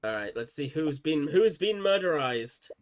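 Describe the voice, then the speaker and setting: A man playing through a story game, reading the text aloud and cracking excited jokes about it. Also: on the high side, normal speed. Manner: excitable, jokey, laughs at the story. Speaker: gaming YouTuber. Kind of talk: let's play commentary and reading aloud. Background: game music.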